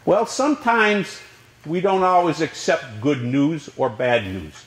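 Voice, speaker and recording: A man teaching a college history class, lecturing in a lively way and asking the class questions. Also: a little high, a little slow, echoey room, low-quality recording. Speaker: history professor.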